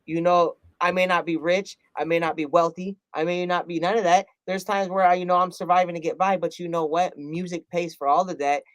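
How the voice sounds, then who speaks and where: A man, a rap artist, telling a personal story in an earnest, animated way, often laughing and acting out quotes. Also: high voice, brisk, hardly any pauses, dry recording. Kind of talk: casual interview storytelling.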